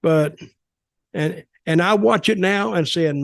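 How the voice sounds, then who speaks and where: An older man hosts a podcast, spinning stories in a rambling, folksy way with colloquial grammar during a storytelling interview. His voice sits high and moves a little slowly. The sound is clean studio audio with no room sound.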